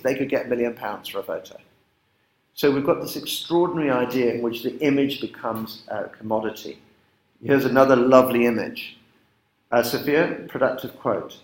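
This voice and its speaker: A male literature teacher lectures a class on a poem, reading quoted lines with slow emphasis. He keeps checking in with his class through tag questions. His voice sits at a middling pitch and carries a roomy classroom echo. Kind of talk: classroom poetry lesson.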